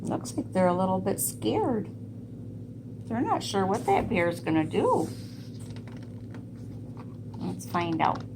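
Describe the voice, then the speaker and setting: A woman reading a picture book aloud to children, pausing to ask gentle questions about the pictures. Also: mid-range voice, big pitch swings, vocal fry, background noise. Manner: gentle, asks listeners questions. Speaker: storyteller.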